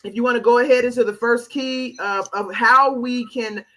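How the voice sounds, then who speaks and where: Bright-voiced affirming woman host. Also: on the high side, fairly even intonation, moderate pace, poor audio. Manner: affirming, lots of "wow" and "exactly". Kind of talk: livestream talk show hosting.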